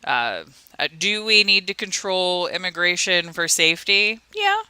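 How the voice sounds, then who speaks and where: Slow-talking bright-voiced woman host. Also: lowish voice, very animated, clear, resonant tone, no room sound. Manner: chatty, laughs often, dramatic retelling. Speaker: crime news host. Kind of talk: casual morning crime recap.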